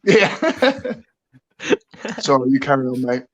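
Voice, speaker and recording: A man's voice: mid-range voice, sing-song, slow. A young British man co-hosting a live online chat, talking casually with frequent laughs and trailing asides. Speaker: livestream co-host.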